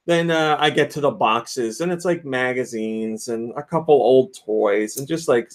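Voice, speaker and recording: A man hosting a casual podcast, telling a story with many laughs and acting out quotes in high squeals. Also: a little slow. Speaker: podcast host. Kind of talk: casual chat.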